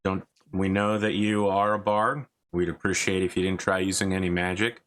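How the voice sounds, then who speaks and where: A man's voice: low-pitched, flat delivery, normal speed, fairly bright tone. A man voicing a polite masked woman interrogator. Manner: courteous, matter-of-fact, reassuring.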